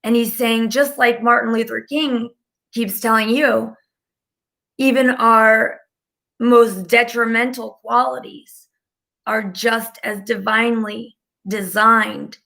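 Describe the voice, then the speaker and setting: Chatty lady channeler rambling on a live stream, lots of "like", kinda raspy fry. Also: a little high, steady tone, slow, pushed and bright. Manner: chatty and rambling, heavy use of "like". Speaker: spiritual channeler. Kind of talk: casual live-stream talk.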